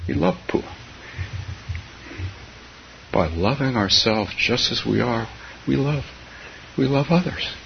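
A man giving a dharma talk as a meditation teacher, soft-spoken and halting, often laughing gently between phrases. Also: mid-range voice, gravelly. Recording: dull, slightly hissy recording.

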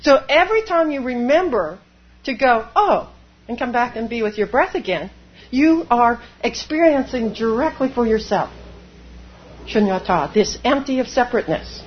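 A woman Zen priest giving a dharma talk, animated, laughing often and acting out inner voices. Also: a little high, normal speed, muffled recording, slight background noise.

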